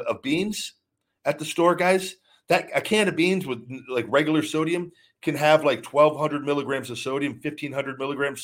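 A man hosting a live show, talking casually and emphatically with many restarts while reading viewer messages. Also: medium pitch. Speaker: host reading super chats. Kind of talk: live-stream casual talk.

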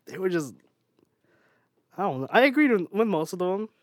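A podcast co-host, a little out of breath, with a lively voice that swoops up and down. This speaker laughs often and trails off mid-thought, and the close recording is dry. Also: medium pitch, moderate pace, no echo. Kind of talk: casual podcast chat.

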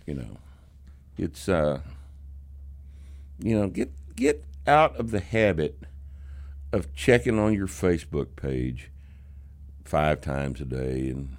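A man's voice: a bass voice, takes it slowly, pauses often. An older man hosting a casual talk show, rambling and getting worked up, with frequent fillers. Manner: rambling, animated about politics, trails off with fillers. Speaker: podcast host. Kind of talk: casual chat.

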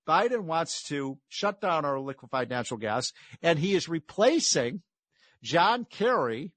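A man with a fairly high voice delivers a combative political monologue as a talk show host, mocking his targets and chuckling between points. The sound is dry and close, with no room around it. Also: fairly bright tone, dry recording.

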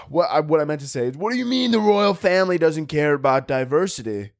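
A young man hosting a podcast, riffing in a profane, rambling comic monologue and often breaking into squeaky impressions. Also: lively intonation, a little fast, vocal fry, no room sound, studio quality. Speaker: podcast host.

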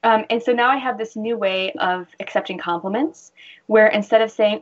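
On a casual radio interview with dull, low-fidelity audio, a woman guest expert in bra fitting speaks in a mid-range voice at normal speed. She's earnest and acts out the voices she quotes.

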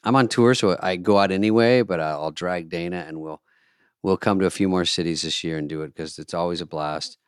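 A comedian hosting a podcast, introducing live-show clips in a loose, joking way that trails off into mumbles. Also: male voice, deep voice, brisk, smooth, no room sound, studio quality. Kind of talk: casual comedic chat.

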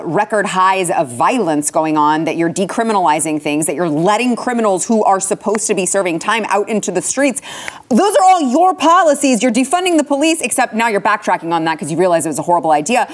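A woman hosting a casual political talk show, indignant and rattling off complaints. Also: on the low side. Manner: indignant, rapid-fire lists of complaints. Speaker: host.

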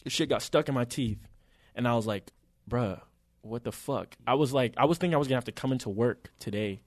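A man's voice: mid-range voice, quick pace, no room sound, clean studio sound. A man co-hosting a podcast, telling a story in casual chat with plenty of slang and swearing. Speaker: podcast co-host.

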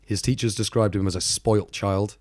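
A fairly low-voiced man tells a story in a wry, joking way as a podcast co-host. His voice is close and dry. The talk is loose and chatty. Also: fairly even intonation, moderate pace, a little mellow, dry recording. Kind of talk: casual chat, storytelling true crime.

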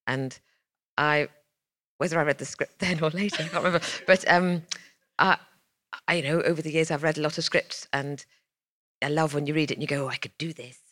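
Bright-voiced woman, hesitant and self-correcting. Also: low voice, steady tone, a little fast, long pauses, dry recording. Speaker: actress on a festival panel. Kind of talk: panel discussion.

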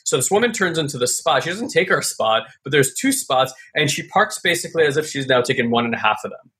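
A man's voice: medium pitch, lively intonation, fast, sharp tone. A man casually telling a reflective personal story with lots of fillers and restarts. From California.

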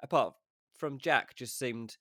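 A man's voice: mid-range voice, slow pace, bright, forceful tone, no echo, studio quality. A man co-hosting a casual podcast, presenting a segment in an upbeat, teasing way. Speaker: podcast co-host. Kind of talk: casual chat.

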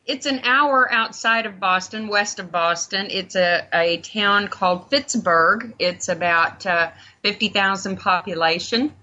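A woman co-host joining a talk show remotely, speaking slowly in a friendly, casual way. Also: mid-range voice, sharp tone, muffled recording. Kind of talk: casual chat. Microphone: remote line.

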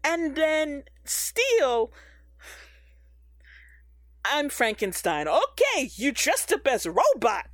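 A woman riffs through a sarcastic, exaggerated rant, her pitch leaping up and down constantly as she picks the episode apart. She talks slowly and drawn out. The room is dead and dry. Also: no echo. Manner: animated, sarcastic, exaggerated ranting. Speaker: podcast co-host. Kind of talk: casual chat reviewing a TV episode.

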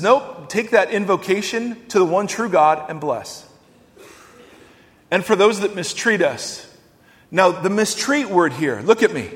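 A male pastor delivers an animated sermon in a fairly high voice, pressing his points with rhetorical questions and sudden emphasis. His voice rings out with a long reverb, as though filling a large church sanctuary.

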